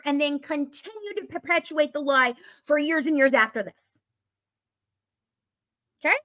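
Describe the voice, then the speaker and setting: High-voiced, heated woman ranting about true crime. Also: expressive, unhurried, pauses often, pushed and bright. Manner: emphatic, repetitive, swears when worked up. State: openly angry. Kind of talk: casual true-crime rant to viewers.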